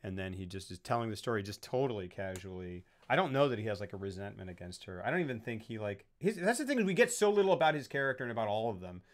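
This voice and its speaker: A man's voice: on the low side, big pitch swings, quick pace, few pauses. A man on a casual film podcast, rambling as he retells movie scenes. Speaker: podcast co-host.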